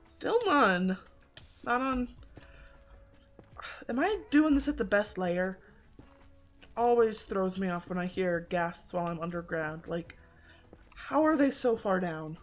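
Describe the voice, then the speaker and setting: A woman with a mid-range, slightly bright voice chats her way through a video game stream. She is self-deprecating and swears, and her throat sounds a bit congested.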